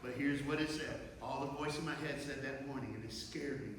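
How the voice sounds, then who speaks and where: A man from Texas giving a motivational school assembly speech, telling his story in an animated way that swings between hushed and loud. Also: medium pitch, brisk, a crowd in the background. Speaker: motivational speaker. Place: large school hall. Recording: echoey hall, far from mic, noisy.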